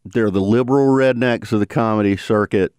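A man's voice: on the low side, fairly quick, darkish tone. A man, hosting a podcast interview in a folksy, joking, conversational way. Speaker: podcast host.

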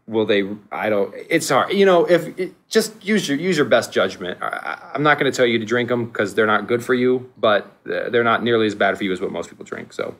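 A man co-hosting a casual podcast, animated, laughing often and restarting his sentences. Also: mid-range voice, a little fast, few pauses. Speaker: podcast co-host.

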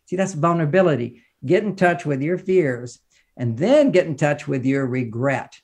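A man's voice: on the high side, normal speed, a little mellow, husky. A man, a relationship author and counselor, talking as a podcast guest in an emphatic, teacherly way, often laughing as he speaks. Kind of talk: podcast conversation, advice and explaining.

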